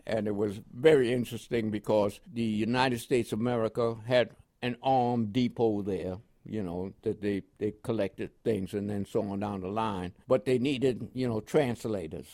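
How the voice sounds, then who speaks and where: A man's voice: lowish voice, fairly even intonation, moderate pace, few pauses, dark tone. An elderly man from Panama, a veteran telling stories in an interview, rambling with frequent "you know" and chuckles. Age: older. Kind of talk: storytelling interview.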